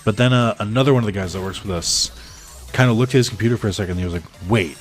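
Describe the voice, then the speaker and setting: A man's voice: on the low side, very fast, soft background music. A man telling a casual, rambling story over his gameplay as a YouTuber, full of fillers and chuckles. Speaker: gaming YouTuber.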